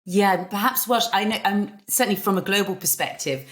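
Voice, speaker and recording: A woman interviewing a guest, speaking in a measured, conversational way. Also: medium pitch. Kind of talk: interview questions.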